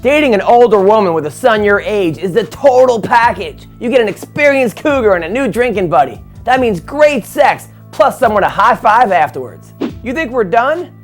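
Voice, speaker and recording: A woman's voice: medium pitch, sing-song, normal speed, faint music behind. Woman announcing with punchy teasing lines. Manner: punchy, teasing promo read. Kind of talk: scripted show announcing.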